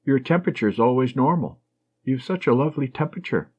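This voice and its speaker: A man reading an audiobook voices a young woman nurse who is teasing and affectionate, using a husky, slightly raised voice that swings lively up and down. The delivery is tender, at medium pitch and fast, on a dull lo-fi recording.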